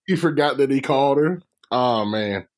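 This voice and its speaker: A man in casual chat, laughing a lot and quoting sitcom lines with animated delivery. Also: mid-range voice, unhurried.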